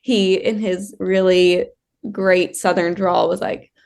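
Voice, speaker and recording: A woman's voice: on the low side, little pitch movement, slow pace, gravelly, darkish tone. A woman co-hosting a podcast, telling stories in a casual way and laughing often. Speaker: podcast co-host.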